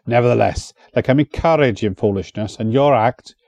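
A man's voice: medium pitch, normal speed, gravelly, a little mellow, lo-fi sound, lightly acted. A man voicing a one-eyed, commanding warlord chieftain in a storybook reading, his voice raised and angry. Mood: proud, persuasive. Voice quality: furious, commanding.

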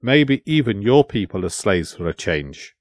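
A calm companion who speaks earnestly and reflectively, as a male narrator puts him on. His delivery is even and unhurried. The sound is dry and close. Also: lowish voice, no echo.

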